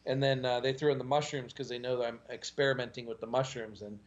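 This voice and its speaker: A man talking as a podcast guest, in a casual, animated storytelling way. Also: fast, muffled recording. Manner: animated storytelling with pitch jumps and laughs.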